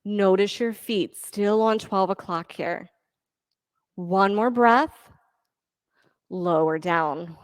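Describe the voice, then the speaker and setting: A woman guides a yoga class at an unhurried pace, calling out breaths and counting reps with steady encouragement. The recording is dry and close, with no room sound. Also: mid-range voice, clean tone, no echo. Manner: calm, encouraging counting and cueing. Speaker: yoga instructor.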